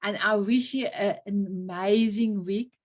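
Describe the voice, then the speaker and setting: A woman's voice: mid-range voice, steady tone, measured pace. Woman hosting a video call. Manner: effusive, warm thanks, frequent laughs and restarts. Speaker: online women's group host. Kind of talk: casual video call chat.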